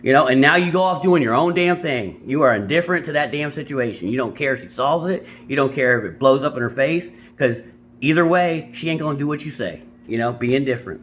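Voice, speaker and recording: A man's voice: medium pitch, fairly quick, fairly bright tone, a little hiss or hum. A man vlogging casually about dating advice, loose and crude with many restarts and asides. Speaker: vlogger summarizing a self-help book. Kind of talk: casual, rambling talk.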